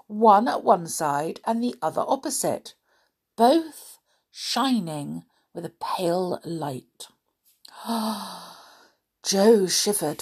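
A middle-aged woman reading a storybook chapter aloud to children, with giggly, chatty asides between expressive narration. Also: fairly low pitch, husky.

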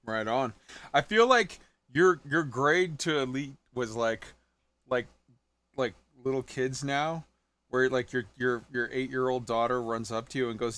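A man hosting a podcast in casual chat, joking and telling animated little stories. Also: medium pitch, a little slow, smooth, no room sound. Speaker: podcast host.

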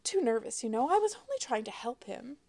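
Story heroine: young woman, breathless and squeaky, bluffing, read by a woman. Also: very animated, a little fast, dark tone, dry recording.

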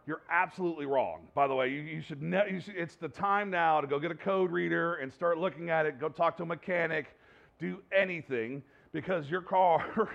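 A man's voice: high voice, fairly bright tone, highs cut off. A male pastor preaching a conversational sermon, repeating phrases for emphasis and reading scripture aloud with rising intensity.

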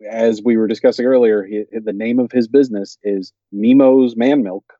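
A man's voice: on the low side, steady tone, normal speed, mellow, dry recording, highs cut off. A man co-hosting a podcast, casually recapping a TV episode, rambling and quoting the characters. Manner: rambling, quotes characters in raised voices. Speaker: podcast co-host.

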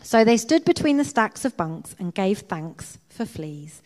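A woman reading a book extract aloud to a church congregation in a measured storytelling way. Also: mid-range voice, very animated, a little mellow. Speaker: scripture reader. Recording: long church reverb.

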